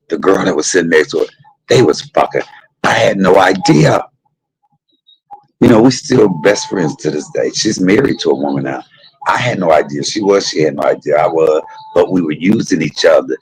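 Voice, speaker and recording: A man hosting his own show, telling a personal story in an animated, profane way and talking straight to his listeners. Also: low-pitched, normal speed, vocal fry, husky, rough recording. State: emotional, tearful at times. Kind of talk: candid storytelling monologue.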